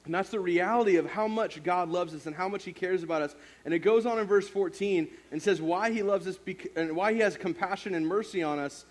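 A man's voice: sits high, brisk, hardly any pauses. Casual man telling a sermon story. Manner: casual storytelling, many fillers. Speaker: youth pastor.

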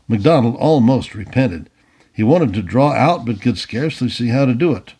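A man narrating an old adventure story aloud in an expressive storybook reading. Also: mid-range voice, moderate pace, slightly rough. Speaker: audiobook reader.

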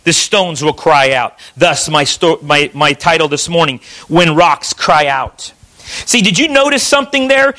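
A man's voice: high-pitched, sharp tone, poor audio. A man preaching a sermon in church, reading scripture aloud and pressing his points with emphatic restarts. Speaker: pastor.

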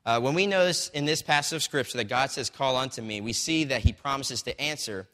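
A man's voice: medium pitch, fairly quick, a bit bright. A man preaching a sermon in a loose, conversational way, telling stories and tossing in "right?" asides. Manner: conversational, storytelling with acted quotes, frequent "right?" asides. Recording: long hall reverb.

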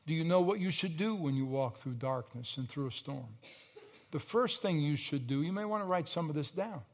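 A male pastor preaching a sermon, telling stories with sudden loud surges and slow, emphatic phrases. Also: a little high, lively intonation.

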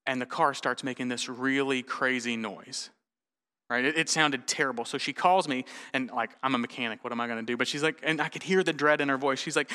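A man preaching in a church, his voice bright and ringing, clean and resonant. He talks to the congregation like he's chatting with them, telling stories with a dry, self-mocking humor. The long tail of a big hall's reverb hangs behind every phrase. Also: a little high, clean tone. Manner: conversational, storytelling, self-deprecating humor. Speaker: pastor. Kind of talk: sermon.

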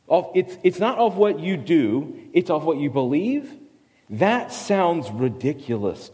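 Animated fill-in preacher in a reverberant hall. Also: male voice, a little high, a little slow. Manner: animated storyteller, self-deprecating jokes. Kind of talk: sermon with personal story.

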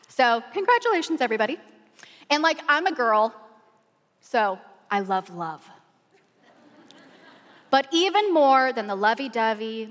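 A woman pastor preaching with an animated, excited, chatty way of telling funny stories from the pulpit. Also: on the high side. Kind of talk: humorous sermon storytelling. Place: large church auditorium. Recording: long reverb of a large hall.

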